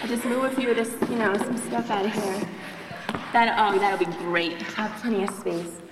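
A woman's voice: medium pitch, steady tone, moderate pace, close to an everyday voice. A young woman playing a chatty, self-absorbed college freshman in a live stage skit, gushing on and on about herself. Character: chatty spoiled female college freshman moving in. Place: large hall, on stage. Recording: echoey hall from far off, noisy.

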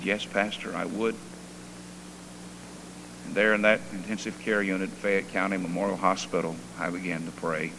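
A male pastor preaching a sermon. He tells stories softly, then rises into fervent preaching. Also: deep voice. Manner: quiet storytelling that swells into fervent preaching. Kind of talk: sermon with personal storytelling. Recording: long reverb and faint hum.

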